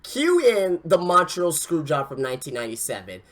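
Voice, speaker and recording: A man's voice: on the high side, big pitch swings, moderate pace, fairly bright tone. A man hosting a wrestling podcast, reviewing an event in casual talk with swearing and lots of stammered restarts. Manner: ranting, profane, stammering restarts.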